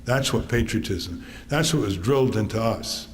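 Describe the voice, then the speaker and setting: Older man telling wry stories in a theater. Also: lowish voice. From Connecticut, USA. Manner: anecdotal, wry, pauses often. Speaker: author giving a public talk. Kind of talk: storytelling speech to an audience. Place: theater stage. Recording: long theater reverb, faint noise.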